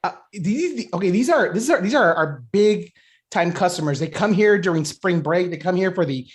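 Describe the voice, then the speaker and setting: A man improvising a comedy scene as a store manager, talking in a halting way full of fillers. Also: high-pitched, expressive. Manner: hesitant, filler-heavy boss talk.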